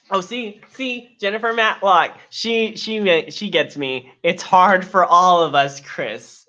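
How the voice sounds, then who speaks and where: A man's voice: high-pitched, slow, hardly any pauses, sharp tone, highs cut off. A man co-hosting a live stream, clowning in a mock-dramatic, self-pitying tone. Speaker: co-host. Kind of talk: joking live stream chat.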